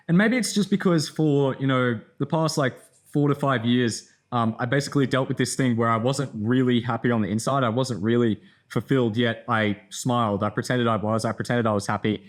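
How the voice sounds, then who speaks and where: A man's voice: medium pitch, moderate pace. A tired young man in a casual vlog, telling a rambling story with lots of fillers and swearing. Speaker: content creator.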